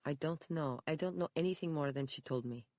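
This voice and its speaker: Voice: medium pitch, a little fast, a little mellow, dry recording, clean studio sound, close to an everyday voice. A narrator doing a guarded hesitant young woman. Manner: short, hesitant replies. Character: hesitant young pregnant mission worker, guarded. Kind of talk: audiobook character reading.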